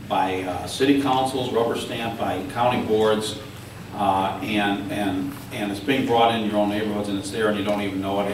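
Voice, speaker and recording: A low-leaning male voice, recorded from afar in a very echoey room with a little hiss or hum, tells stories in a speech at a political forum. He acts out the officials he quotes, keeping the storytelling animated.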